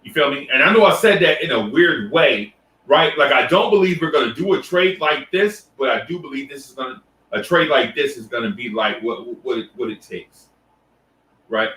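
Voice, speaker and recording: A man hosts a casual live stream, greeting viewers one by one and talking loosely with restarts. His voice is bright and forceful. He sits away from the mic in an echoey room. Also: medium pitch, lively intonation, normal speed, recorded from a distance. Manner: loose, repetitive shout-outs with restarts and fillers. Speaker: livestream host.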